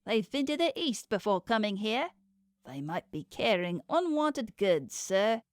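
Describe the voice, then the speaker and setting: A woman's voice: medium pitch, sing-song, unhurried, no room sound. Nervous young junior officer guy woman reading, polite, dry audiobook sound. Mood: anxious. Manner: respectful, anxious. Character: young junior male officer, dutiful and worried.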